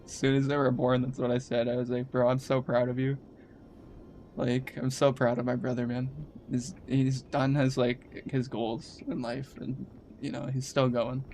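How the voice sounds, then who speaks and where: Brief groggy streamer guy, flat delivery. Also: mid-range voice, moderate pace, soft background music. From Canada. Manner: rambling, slangy, laid-back. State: groggy morning voice. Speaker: game streamer. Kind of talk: casual chat while gaming.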